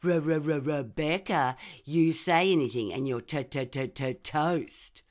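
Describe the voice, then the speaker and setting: A woman's voice: deep voice, a little slow, voice pushed up. A woman playing a smug, menacing man. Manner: smug, threatening, stammering mockery.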